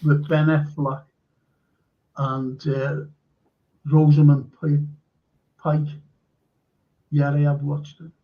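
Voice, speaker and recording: A man's voice: fairly high pitch, little pitch movement, slow, pauses often. A man hosting a live stream, reading viewer comments aloud and chatting casually with fillers. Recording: dull lo-fi stream audio.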